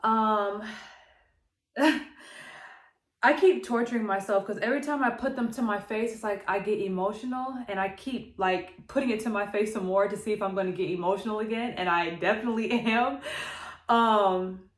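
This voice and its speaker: A woman's voice: mid-range voice, normal speed. A young woman vlogging to her camera, emotional and hesitant, sighing and laughing between her thoughts. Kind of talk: emotional personal vlog to camera. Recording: echoey room.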